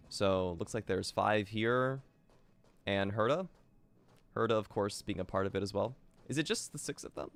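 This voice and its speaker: A man's voice: on the low side, fairly bright tone, dry recording. A man streaming a game live, thinking aloud and answering chat with many fillers.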